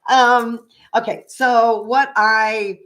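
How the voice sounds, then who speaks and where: A woman's voice: a little high, steady tone, drawn-out words, fairly bright tone. Older lady from oklahoma chatting on her stream, rambly and chatty, lots of ums and restarts. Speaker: psychic reader and channel. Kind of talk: casual livestream chat.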